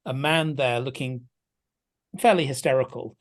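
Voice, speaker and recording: A man's voice: mid-range voice, steady tone, normal speed. A man guest discussing a film in a casual podcast chat, thoughtful and hesitant with frequent restarts.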